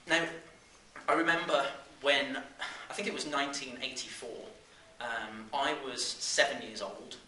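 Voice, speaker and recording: A man in his thirties from the West Midlands tells a story to a live audience, animated and full of "um"s and restarts. His voice is bright and forceful, picked up from a distance in a reverberant room with faint background noise. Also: mid-range voice, a little slow. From West Midlands, England. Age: 30s. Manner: animated, with frequent fillers and restarts. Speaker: business speaker. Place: seminar room.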